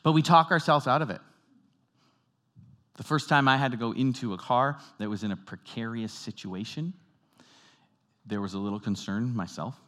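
Man preaching, swinging loud to hushed. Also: medium pitch, normal speed, pauses often. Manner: dynamic, swings from loud emphatic to soft hushed; talks directly to the congregation with questions. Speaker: pastor. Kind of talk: sermon.

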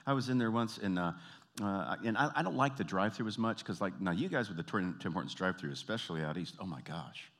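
A man with a Southern American accent, working the crowd in a stand-up comedy routine. His voice sits low, then leaps up high when he acts out the people in his stories. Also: fast talker. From Southern United States. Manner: animated storytelling, jumping into high put-on voices.

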